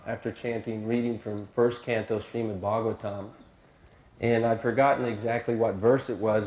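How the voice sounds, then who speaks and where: Earnest low-voiced man in an echoey room. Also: darkish tone. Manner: earnest, emphatic, careful to be understood. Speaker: devotee sharing a memory. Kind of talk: reflective personal testimony.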